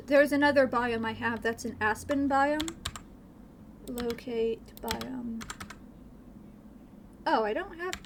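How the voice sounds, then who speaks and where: A woman's voice: on the high side, background noise. A woman streamer chatting casually while modding a game, rambling, swearing freely and laughing nervously.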